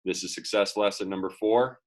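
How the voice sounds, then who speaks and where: Upbeat male speaker with a lowish voice, delivering a motivational lesson with a story. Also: steady tone, fairly quick, low-quality recording. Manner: upbeat, acts out quoted dialogue.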